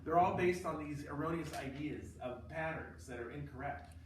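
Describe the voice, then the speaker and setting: A male teacher lectures a class in an emphatic, animated way, throwing in sarcastic asides. His voice sits a little high, and it reaches the mic from a distance in a reverberant room with faint background noise. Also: moderate pace. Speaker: choral conducting teacher.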